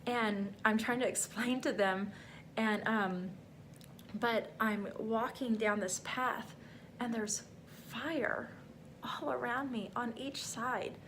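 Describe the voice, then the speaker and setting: A woman's voice: a little high, steady tone, takes it slowly, a bit bright, a little hiss or hum. A middle-aged woman vlogging a personal faith testimony, talking in a rambling, heartfelt way full of fillers.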